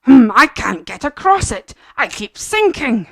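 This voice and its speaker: A woman voicing a gloomy male dog stuck in a bog, groaning slowly and loudly. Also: high voice, big pitch swings, gravelly, no room sound, studio quality, full character voice. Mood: glum. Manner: slow, loud and groaning.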